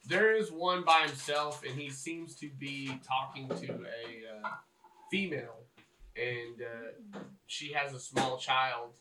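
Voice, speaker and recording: Rambling game master in an echoey room. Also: male voice, mid-range voice, fairly even intonation, slow pace, noisy background. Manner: casual, rambling, lots of fillers. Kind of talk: narrating a tabletop game. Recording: roomy echo, mic at a distance.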